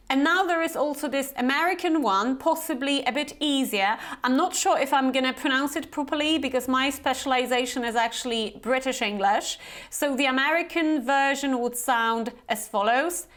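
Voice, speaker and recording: Slow, high-voiced woman teaching English. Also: animated, a bit bright. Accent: Polish. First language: Polish. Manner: slow, careful, repeats words for learners to copy. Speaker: Business English trainer. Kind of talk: pronunciation lesson to camera.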